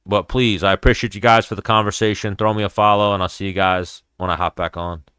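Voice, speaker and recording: A man's voice: on the low side, fairly even intonation, fast talker, sharp tone, clean tone, dry recording, clean studio sound. A man hosting a casual fight-talk livestream, rambling and swearing freely as he chats with viewers. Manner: rambling, profane, chatty. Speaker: host of an MMA livestream.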